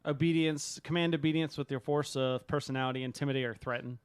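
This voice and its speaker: Game master man with a smooth voice. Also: medium pitch, steady tone, fast talker, no echo. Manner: laughing, explains rules patiently. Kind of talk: running a tabletop game.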